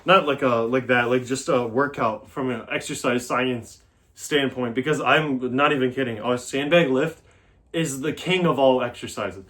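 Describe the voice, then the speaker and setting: A man's voice: medium pitch, normal speed, a bit bright. A man giving a casual workout demonstration as a fitness vlogger, coaching in a loose, talky way.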